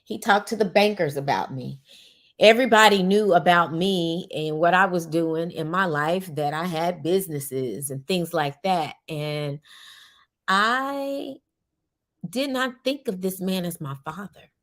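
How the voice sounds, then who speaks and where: A middle-aged woman hosting a podcast, speaking slowly and reflectively with many pauses, and at times tearful. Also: fairly low pitch. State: tearful at moments. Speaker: podcast host. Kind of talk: personal monologue.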